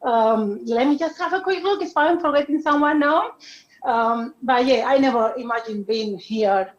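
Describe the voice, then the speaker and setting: Woman, first language Spanish, slightly high voice, emotional and halting over a dull video call line. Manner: warm, halting, laughs between thanks. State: emotional, close to tears. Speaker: award winner. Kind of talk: emotional acceptance speech. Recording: muffled video call audio.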